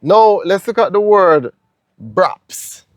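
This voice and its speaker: A man's voice: a little high, lively intonation, normal speed, no echo. Jamaican male host, dry close sound. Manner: prompting questions and short acknowledgements. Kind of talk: casual interview chat.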